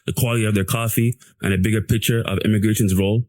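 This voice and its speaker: Brisk man with a low voice introducing a documentary. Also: fairly even intonation, darkish tone, no room sound. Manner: brisk, presenter-like.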